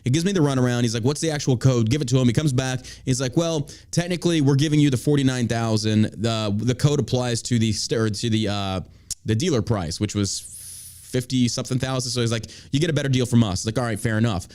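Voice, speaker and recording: A man's voice: medium pitch, fast talker, a little mellow. A man hosting a casual talk show, ranting with energy and mocking people in put-on voices. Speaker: podcast host. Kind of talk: casual profane chat.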